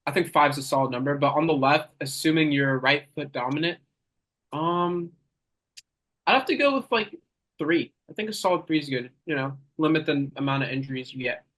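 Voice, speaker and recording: A young man answering absurd questions in a mock interview, with a rambling, halting, mock-serious manner. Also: a little high, fairly bright tone, low-quality recording.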